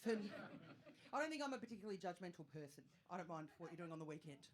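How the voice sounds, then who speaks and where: A woman in her thirties with an Australian accent, performing a stand-up comedy set, chatty and self-mocking with quick asides to the crowd. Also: on the low side. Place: comedy venue stage with live audience. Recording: live show with audience noise.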